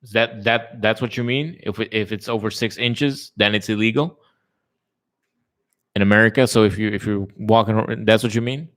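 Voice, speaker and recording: Speaking at normal speed in a somewhat low voice, a channel host chats live and casually with his viewers, rambling through stories with lots of fillers and easy, frequent swearing in a relaxed manner. He has lived abroad and now lives somewhere built on tourism.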